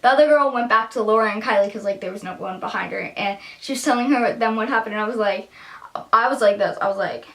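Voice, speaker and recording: This casual storytime comes from a teen vlogger with a medium-pitched, slightly bright voice and a quick pace. She chats away to the camera, leaning on "like" and dramatizing what people told her.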